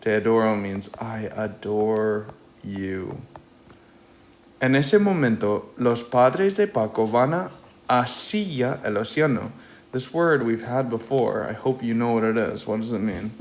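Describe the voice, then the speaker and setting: A man's voice: on the low side, a little hiss or hum. A young man teaching Spanish, reading a storybook aloud and explaining it in English at a patient pace. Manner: slow and patient, switching between reading and explaining.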